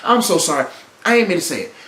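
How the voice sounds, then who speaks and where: A man's voice: high voice, sing-song, quick pace, pushed and bright, echoey room, heavily acted. A man doing a sorry, tired girlfriend. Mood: apologetic.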